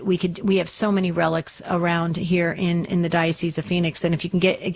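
A woman hosting a faith call-in radio show, talking earnestly and rambling with lots of ums and restarts. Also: lowish voice. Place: Arizona studio.

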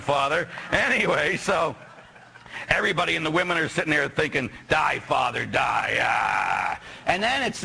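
A middle-aged man preaching as a priest, his voice bright and slightly husky. He tells stories, acts out the people in them, and breaks into sudden shouts. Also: a little high, poor audio. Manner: storytelling with animated quoted voices and sudden shouts. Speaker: Catholic priest. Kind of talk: sermon.

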